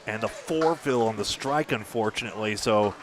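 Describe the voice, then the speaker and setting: A man's voice: on the low side, normal speed, background noise. A man giving live bowling commentary, chatty and self-deprecating, with asides between frames.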